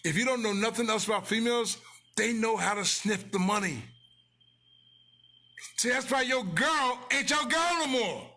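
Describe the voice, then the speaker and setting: A man's voice: very high-pitched, expressive, moderate pace, pauses often, sharp tone, faint music behind. A man in a blunt, casual motivational rant, preachy and repeating his lines for emphasis, speaking close to the mic. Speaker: business owner promoting his company.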